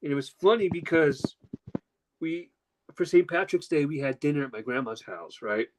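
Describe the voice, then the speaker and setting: A man's voice: normal speed, noisy background. A man casually telling a long personal story on a podcast, acting out the quotes and swearing freely. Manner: animated, acts out quotes with pitch jumps, swears casually. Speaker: podcast host.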